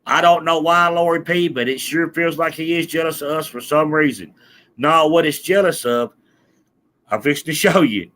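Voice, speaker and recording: Animated man streamer, slightly high, bright tone. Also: moderate pace. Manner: animated, chatty, addresses the audience directly. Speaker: livestreamer addressing viewers. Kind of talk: casual live-stream talk.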